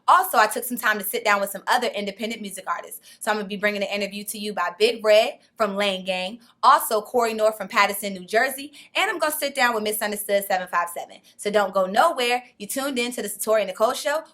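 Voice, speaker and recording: A woman's voice: medium pitch, quick pace, few pauses, sharp tone. A woman hosting a talk show, upbeat and playful, chatting casually with a guest. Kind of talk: casual interview chat. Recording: roomy, far from the mic, faint noise.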